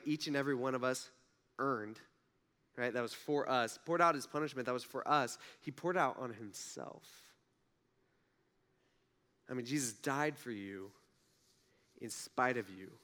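A man, a young adult pastor, preaching a sermon in a conversational, animated way full of rhetorical questions. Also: mid-range voice.

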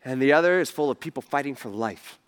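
A man's voice: mid-range voice, expressive, quick pace, clear, resonant tone. A man preaching a sermon in a conversational way, asking the audience questions and building to emphatic passages. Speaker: pastor.

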